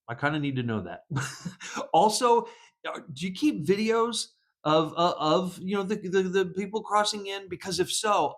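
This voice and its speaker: A man from the United States, a police psychologist, telling stories in a casual vlog, animated and laughing often. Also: fairly high pitch.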